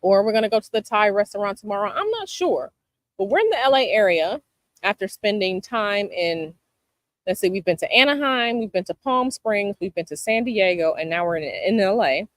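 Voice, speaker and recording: A woman's voice: mid-range voice, expressive, normal speed, no room sound. A woman from Chicago hosting a casual chat with her viewers outdoors, sassy and emphatic, repeating her advice. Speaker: tarot channel host. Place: outdoors by a palm tree, planes overhead.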